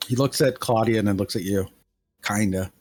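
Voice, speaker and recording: A man's voice: fairly low pitch, fairly quick, darkish tone, breathy edge, dry recording. A man playing a tabletop role-play game, talking in and out of character in a crude, rambling way full of laughs and fillers. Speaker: player.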